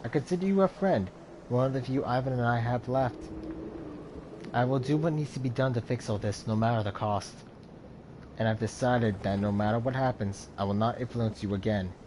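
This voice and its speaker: A let's player reads a video game's dialogue and narration aloud dramatically, voicing different characters and adding his own comments between lines. His voice is mid-range at a moderate pace, with background noise.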